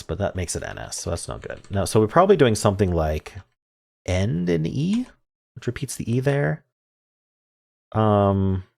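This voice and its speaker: A man's voice: fairly low pitch, gravelly, darkish tone. A man hosting a word puzzle video, thinking aloud in casual commentary with muttered half-sentences. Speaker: word game video host.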